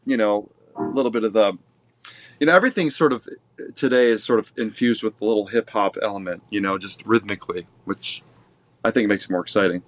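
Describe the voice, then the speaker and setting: A man co-hosting a music reaction, speaking in a relaxed, reflective way. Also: fairly low pitch, fairly quick, slight background noise. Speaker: songwriter co-host. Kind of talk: casual reaction chat.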